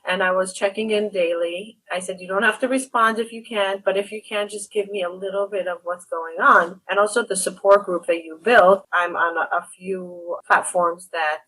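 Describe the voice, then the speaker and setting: A woman's voice: mid-range voice, fairly even intonation, moderate pace, few pauses, pushed and bright, low-quality recording. A woman hosting an interview, telling a story earnestly and with animation, acting out what others said. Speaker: podcast host. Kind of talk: emotional interview conversation.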